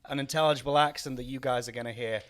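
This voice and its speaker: His mid-range voice holds a steady tone as he races along: a young podcast co-host from North Wales, chatting casually and rambling with many fillers and restarts. The accent is mixed, faintly Welsh with hints of southern English.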